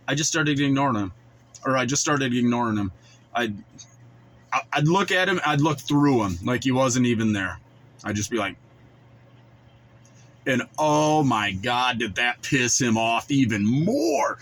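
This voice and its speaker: Man in his forties, blunt casual storyteller, mid-pitched voice. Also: animated, unhurried, long pauses, fairly bright tone, slight background noise, rough recording. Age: 40s. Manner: blunt, colloquial, acts out quoted voices. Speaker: vlogger.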